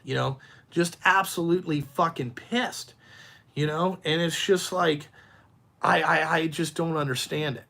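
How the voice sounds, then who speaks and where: A man's voice: on the high side, fairly even intonation, creaky, sharp tone. A man who runs a dump truck business, ranting bluntly and with heavy swearing during a livestream while answering viewers' comments. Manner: repeats himself, halting restarts. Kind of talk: profane livestream rant, answering chat.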